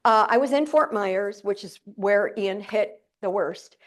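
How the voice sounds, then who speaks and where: A woman's voice: mid-range voice, a little slow. An older woman from central New York giving a humorous motivational keynote to a live audience, telling stories with chatty, playful asides. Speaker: keynote speaker. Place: conference room with audience.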